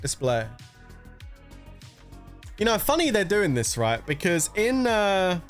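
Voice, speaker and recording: An excitable man streams a mobile strategy game, talking casually with his chat and cursing freely. His voice sits a little high for a man. Faint game music plays behind him. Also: moderate pace. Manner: chatty, excitable, swears freely, talks to chat. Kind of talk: casual live-stream commentary.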